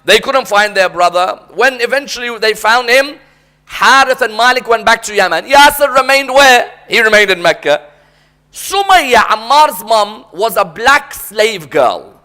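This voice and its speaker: A man's voice: extremely high pitch, expressive, measured pace, sharp tone. A man preaching a sermon as a dramatic story, often prompting the audience to respond.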